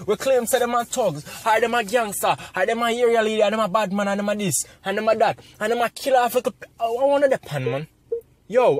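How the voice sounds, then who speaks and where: A Jamaican man with a strikingly high-pitched voice vents in a heated, preachy commentary. He hammers his points with repeated rhetorical questions. The sound is dry and close, with no room around it. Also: no room sound. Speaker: online commentator. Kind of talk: impassioned commentary rant.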